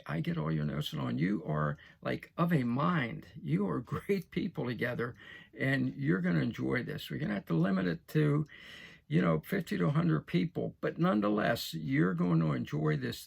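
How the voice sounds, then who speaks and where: Host, sixties, American man, gravelly and raspy, chatty with restarts. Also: a little high. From United States. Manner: folksy, repeats himself, frequent restarts and fillers. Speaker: show host. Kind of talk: casual direct-to-camera talk.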